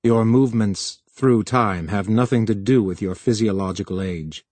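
Brief: curt, lecturing technician, read by a male narrator, irritable, low and harsh. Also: normal speed, darkish tone, dry recording, close to an everyday voice. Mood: stern. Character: stern proud irritable man, time technician.

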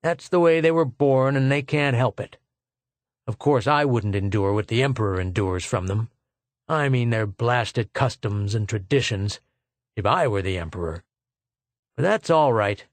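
A sneering male lieutenant, as a male narrator puts him on, taunting and contemptuous. His voice rides a little higher than the reader's own. The sound is close and dry, as in an audiobook. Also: expressive, moderate pace, no room sound, natural voice.

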